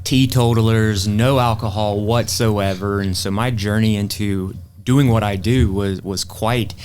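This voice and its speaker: A man's voice: lowish voice, fairly even intonation, measured pace, darkish tone. A man from Greenville, South Carolina, a guest on an interview, telling stories in a chatty way with some ums. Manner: chatty storyteller, frequent um and uh. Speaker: guest, bourbon society president. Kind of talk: interview conversation.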